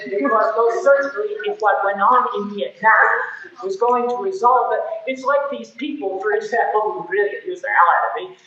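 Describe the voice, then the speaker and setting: A man's voice: high voice, moderate pace, sharp tone. Wry male professor in an echoey hall. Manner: wry, ironic asides; emphatic, storytelling delivery. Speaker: history professor. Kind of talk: university lecture. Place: large lecture hall. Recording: echoey lo-fi 1970s lecture tape.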